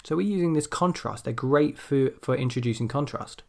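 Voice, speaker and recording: A man's voice: medium pitch, moderate pace, gravelly, a little mellow. A man teaching English grammar in a recorded video lecture, explaining step by step and acting out rising and falling intonation on example sentences.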